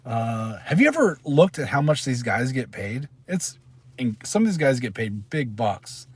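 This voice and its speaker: A man's voice: medium pitch, sing-song, measured pace, breathy edge. Chatty man rambling in a parked car. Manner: chatty, rambling, reads out names while sorting cards. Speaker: channel host. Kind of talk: casual live-stream chat.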